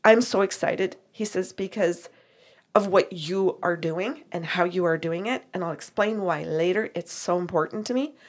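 A woman's voice: fairly low pitch, normal speed. A woman who works as a medium, telling a story about a reading and acting out both sides of the conversation. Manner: animated retelling with quoted dialogue. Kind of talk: storytelling chat.

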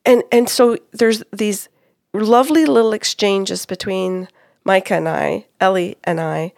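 A woman's voice: mid-range voice, a little slow, creaky, dry recording, studio quality. A middle-aged woman co-hosting a talk show, animatedly telling the story of a reading and quoting the people in it. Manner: animated, quotes spirits and clients, laughs often. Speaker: psychic medium, co-host.

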